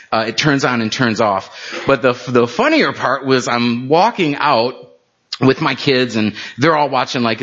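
A man's voice: medium pitch, fairly bright tone, dull audio. A middle-aged man preaching, telling family anecdotes in a casual, conversational way with plenty of fillers. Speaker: pastor. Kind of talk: storytelling sermon.

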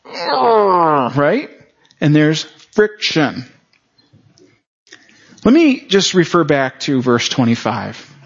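Male pastor with a somewhat high voice, giving a chatty sermon full of quick audience check-ins, captured on muffled, lo-fi audio. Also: big pitch swings, slightly rough. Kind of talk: conversational sermon. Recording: dull lo-fi recording.

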